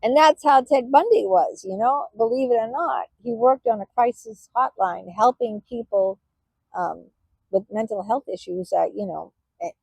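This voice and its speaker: A woman vlogger speaks straight to her viewers, halting and emotional, full of fillers and restarts. Her voice sits a little high, mellow and husky, in a dry, close recording. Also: no room sound, low-quality recording. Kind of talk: personal talk to camera.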